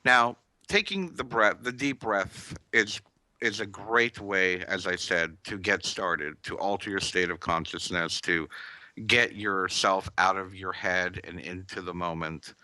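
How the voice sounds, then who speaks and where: A man teaching a meditation class, talking in a calm, instructive way and drawing out his words. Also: sits low, a little slow, no room sound.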